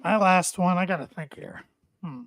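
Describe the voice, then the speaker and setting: High-voiced opinionated man, dry sound. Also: normal speed, creaky, a bit bright, no echo. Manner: opinionated, teasing. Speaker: podcast host. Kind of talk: casual chat.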